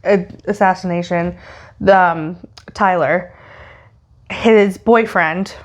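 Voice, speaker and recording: A woman co-hosting a podcast, talking casually and hesitantly with many pauses. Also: on the low side. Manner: hesitant, many ums and uhs. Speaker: podcast co-host. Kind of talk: casual chat.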